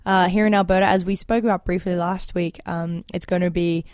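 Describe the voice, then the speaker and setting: A woman's voice: lowish voice, fairly even intonation, fairly quick, darkish tone, clear, resonant tone, no room sound, studio quality. A young adult woman hosting a politics podcast in a casual, chatty, self-deprecating way, laughing often. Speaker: podcast host. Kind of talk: casual panel chat.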